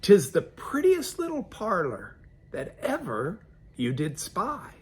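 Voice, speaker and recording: Cunning storybook spider, read by a man, sweet-talking, raised pitch. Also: wildly swooping pitch, slow, breathy edge, exaggerated voice. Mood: wheedling. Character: cunning flattering spider luring a fly.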